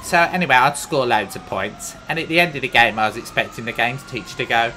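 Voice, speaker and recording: A man's voice: mid-range voice, fast, hardly any pauses, bright, forceful tone, slight background noise, poor audio. A man with a Cockney accent, rambling through a boastful, absurd comic monologue while playing a game. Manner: boastful, absurd, chatty tangents. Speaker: gaming comedy host. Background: music.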